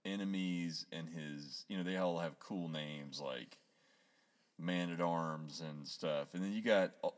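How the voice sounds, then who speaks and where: A man co-hosting a podcast, chatting casually and laughing often as he retells a cartoon with animated energy. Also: low-pitched, unhurried. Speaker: podcast co-host. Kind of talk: casual chat.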